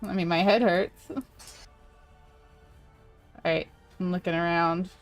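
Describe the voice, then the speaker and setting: Lower-voiced woman player, faint music behind. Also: fairly even intonation. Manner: quick, eager questions. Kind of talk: tabletop game chat.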